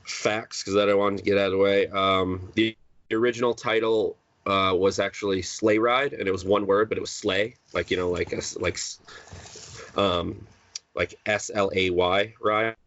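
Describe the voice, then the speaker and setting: A low-voiced man rambles through a casual podcast chat, circling back with fillers and restarts. The sound is dull and dry, like a cheap home setup. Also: fairly even intonation, moderate pace, a bit bright, dry recording. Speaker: podcast co-host.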